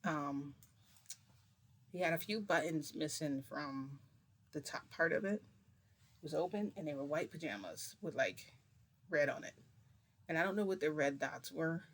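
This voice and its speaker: A woman's voice: low voice, lively intonation, unhurried, pauses often. Woman vlogger, casual storyteller; rambling, chatty, loose delivery with many restarts.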